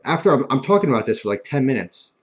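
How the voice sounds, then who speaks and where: A man's voice: medium pitch, very animated, fast. A young man telling stories in a casual, rambling and self-mocking way, with frequent restarts. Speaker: vlogger. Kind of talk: casual storytelling.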